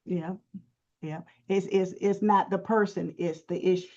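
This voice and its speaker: A woman's voice: lowish voice, fairly even intonation, a little slow, a little mellow. A woman guest in a casual chat, talking earnestly and with emphasis. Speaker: guest author. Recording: dull lo-fi audio.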